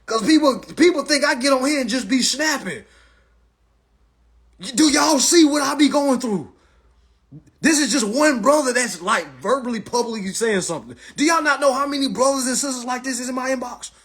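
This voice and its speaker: A man in his thirties hosting a casual live stream chat in an animated, preachy way, with loud exclamations and muttered asides. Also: very high voice, moderate pace, slightly rough. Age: 30s.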